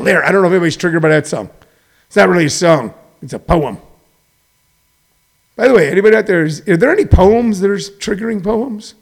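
A middle-aged man holds forth in a rambling comedic monologue, preachy and full of digressions. He lands his points loudly and trails off into mumbles, and his voice sits high for a man with a gravelly edge. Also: expressive, normal speed. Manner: preachy, digressive, shifts between loud emphasis and muttering. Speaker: show host.

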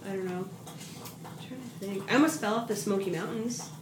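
A woman telling a rambling, filler-heavy story in casual conversation. Her pitch is ordinary for a woman. The room echoes, and a faint noise sits behind her voice. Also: moderate pace.

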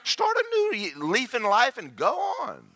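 A man's voice: very high-pitched, wildly swooping pitch, a little slow, pushed and bright, no room sound. A middle-aged man preaching a sermon, joking and acting out quoted voices.

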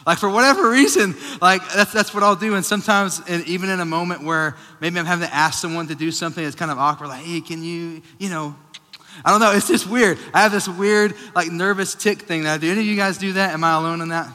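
A man's voice: high voice, fast talker, hardly any pauses, bright, forceful tone. A man in his thirties, a pastor giving a casual, joking, self-deprecating sermon in a church auditorium. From Texas. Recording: long reverb of a large hall.

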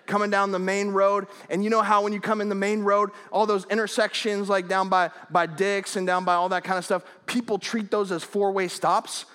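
Guy pastor preaching, chatty and jokey, high voice, big echoey church hall. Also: flat delivery, normal speed, hardly any pauses, fairly bright tone, smooth. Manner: conversational, humorous storytelling with frequent restarts. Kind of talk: sermon.

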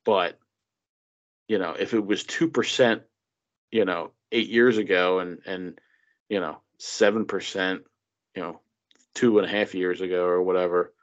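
A man talks in a loose political chat, slipping into mocking impressions and swearing freely. His voice sits fairly low, and the recording sounds dull and lo-fi. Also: unhurried, long pauses. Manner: mocking, animated impressions, profane.

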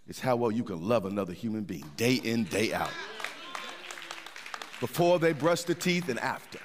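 A man's voice: medium pitch, lively intonation, moderate pace, a faint crowd, a little hiss or hum. A middle-aged man preaching a sermon in a church, conversational, with repeated words and restarts. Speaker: pastor. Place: church sanctuary. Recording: long hall reverb.

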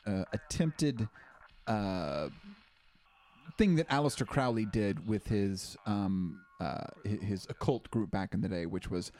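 A man's voice: fairly low pitch, expressive, takes it slowly, a little mellow. A man co-hosting a casual music podcast, rambling, swearing and laughing often. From Oklahoma. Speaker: podcast co-host. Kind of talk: casual chat.

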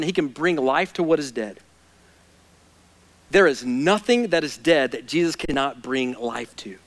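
Man, pastor, sermon, high voice, hushed then fired up. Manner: swings from hushed intensity to loud fired-up preaching.

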